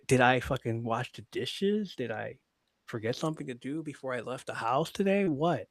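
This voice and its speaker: A man's voice: mid-range voice, moderate pace, no echo, studio quality. A man hosting a live podcast, swearing freely as he tells family stories and reads viewer comments aloud in casual chat. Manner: profane, animated retelling of family stories. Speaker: podcast host.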